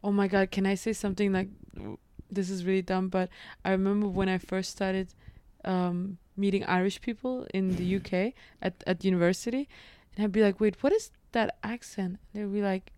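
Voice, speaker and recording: A young woman, a comedian guest on a podcast, chatting casually and reacting warmly to her co-host's stories. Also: mid-range voice, fairly even intonation, normal speed, no echo. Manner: reactive, agreeable listener. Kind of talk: casual chat.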